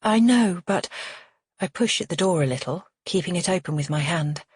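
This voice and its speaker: A woman narrating a first-person crime audiobook at a measured, steady pace. Her voice is slightly husky and sits a little low. The sound is close and dry, with no room echo.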